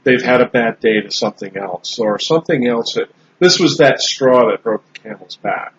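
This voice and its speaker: A man in casual podcast chat, talking in a relaxed, rambling way with frequent restarts. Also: mid-range voice, moderate pace, breathy edge. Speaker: podcast host. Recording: slightly dull lo-fi sound with faint background noise.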